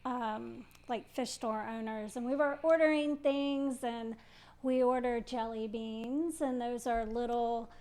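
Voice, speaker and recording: A woman with a high, bright-pitched voice, chatting beside her partner on an aquarium live stream. She tells stories about their fish shop in a friendly, teasing back-and-forth. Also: takes it slowly. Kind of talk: casual chat.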